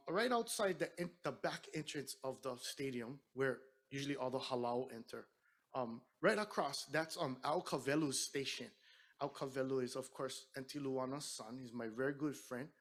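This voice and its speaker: A middle-aged man from Hawaii with a Hawaiian Pidgin-tinged accent, an entertainer telling an animated story to an audience between songs. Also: medium pitch, unhurried. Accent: Hawaiian Pidgin-tinged English. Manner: chatty, animated storyteller who acts out quotes. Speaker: singer and entertainer.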